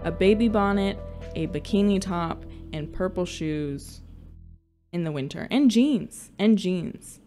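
A woman's voice: lowish voice, lively intonation, slow. A young woman chatting casually and joking with viewers while playing a farming game. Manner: chatty, self-mocking, jokey asides to viewers. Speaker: let's play gamer. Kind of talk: casual gameplay commentary. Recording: loud background music. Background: music.

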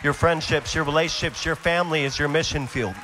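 Animated preacher in a reverberant hall. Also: male voice, on the high side, brisk, some chatter behind, slight background noise. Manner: earnest, animated storytelling with sudden shifts between loud and hushed. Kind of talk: conference sermon testimony. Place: large conference hall.

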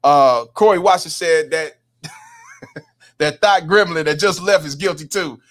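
Speaking slowly in a voice on the high side, this livestream host reads out comments from his viewers. He agrees with them forcefully, repeating "hundred percent" and naming the people in chat.

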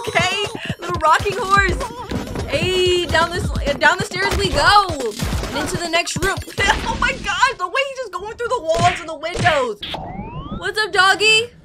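A young woman hosting a casual reaction video, animated and giggly, talking straight to her viewers. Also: very high-pitched, a little slow. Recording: music playing underneath.

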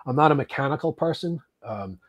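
Husky man in his sixties telling stories. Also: fairly high pitch, fairly quick. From United States. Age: 60s. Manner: animated, swearing, trails off and restarts. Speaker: podcast guest, actor and volunteer firefighter. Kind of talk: casual storytelling.

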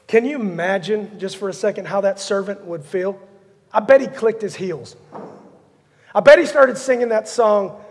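A man's voice: sits high, normal speed, big-room sound. A man preaching a sermon as pastor, telling a story animatedly and acting out the characters. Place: church sanctuary.

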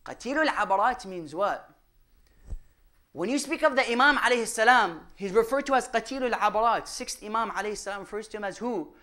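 High-voiced man giving a religious lecture. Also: animated, a little fast. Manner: rhetorical questions, shifting between loud emphasis and hushed asides. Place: mosque or Islamic center hall.

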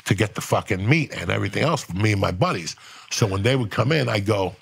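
A man's voice: fairly low pitch, expressive, fast, gravelly, husky. A middle-aged man telling a profane prison story on a podcast, acting out quotes as he goes. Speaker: podcast guest.

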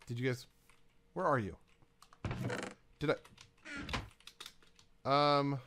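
A man with a medium-pitched voice, pushed and bright, speaks slowly with long pauses, over a little hiss or hum. This gaming YouTuber rambles through casual let's-play commentary, talking to himself and to the game items.

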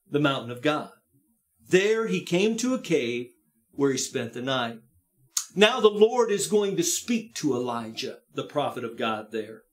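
A man with a high-pitched voice delivers a sermon in a church service. He reads scripture aloud and gives the speakers rising, emphatic voices. Later he leads an earnest prayer in a softer, lower tone. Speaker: pastor. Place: church sanctuary, live-streamed service.

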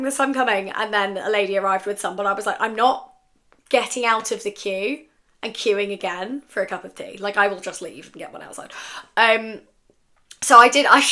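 A chatty woman from England talks straight to camera for her sewing vlog. Her voice sits a little high and sounds bright and sharp. She tells her stories in a lively way, full of asides. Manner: chatty, animated storytelling with asides. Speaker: sewing vlogger. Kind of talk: casual vlog chat.

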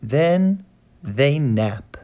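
A man reading a simple children's story aloud for English learners, in a clear and expressive way. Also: fairly high pitch, very slow, a little hiss or hum. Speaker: host of an English learning channel.

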